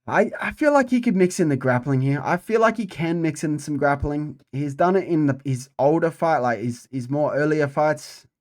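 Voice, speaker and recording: A man's voice: a little high, normal speed, hardly any pauses, a little mellow. A young man giving a casual, profane breakdown of upcoming fights, repeating himself for emphasis. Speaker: MMA fight predictor.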